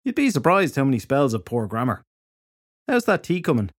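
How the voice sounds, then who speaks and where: A gruff, sardonic fairy detective, read by a male narrator in a storybook audiobook. He talks with dry sarcasm and gives little away. The sound is close and dry. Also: mid-range voice, very animated, a little fast, dry recording, pitched above the performer's own voice.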